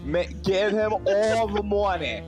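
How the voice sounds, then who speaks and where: A man putting on a South Philadelphia accent to play a gruff sports-radio caller making slow, emphatic demands. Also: sits high, animated, darkish tone, soft background music. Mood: gruff insistent.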